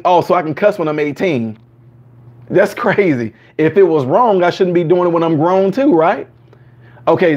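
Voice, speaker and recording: A man with a fairly high voice hosts a casual live chat, answering viewers in an animated way. He slips into higher voices to act out what others say, and the sound is dull and lo-fi. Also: breathy edge. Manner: animated, acts out quotes in higher voices, laughs often.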